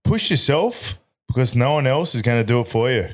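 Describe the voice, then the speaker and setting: A man's voice: mid-range voice, very animated, a little fast. Easygoing Australian man chatting as a guest. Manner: easygoing, hesitant with fillers. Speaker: guest, electrician business owner. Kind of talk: casual chat.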